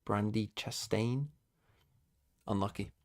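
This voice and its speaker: A man's voice: fairly low pitch, steady tone, takes it slowly. British male streamer quizzing chat. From Britain. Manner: swearing, quizzing himself aloud and talking to chat. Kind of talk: casual live-stream chat.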